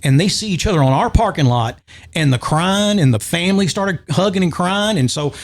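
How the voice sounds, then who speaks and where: A man's voice: high voice, expressive, fairly quick, slight background noise. Man telling a heartfelt story. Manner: rambling, emotional storytelling with restarts. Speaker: podcast guest. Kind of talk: casual storytelling chat.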